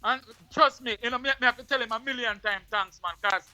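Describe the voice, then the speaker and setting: A man with a Jamaican accent, an interview guest who tells a personal story in patois in an animated way, often repeating his words. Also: very high-pitched, fast talker, clear, resonant tone, no echo, faint music behind.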